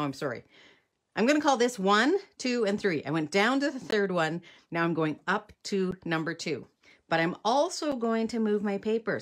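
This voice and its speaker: A middle-aged woman from Canada leading a live card-making demonstration, chatty and thinking aloud as she works, often correcting herself. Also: medium pitch.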